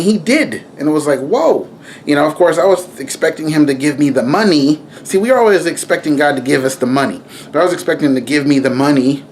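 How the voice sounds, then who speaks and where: A young man giving a casual spiritual talk to camera, rambling and animated, with frequent asides and self-corrections. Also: on the high side, slight background noise. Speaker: video preacher.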